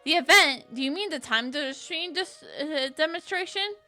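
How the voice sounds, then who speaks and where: A woman voicing an eager young boy apprentice from a game, asking excited questions. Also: sits high, moderate pace, faint music behind, voice pushed up.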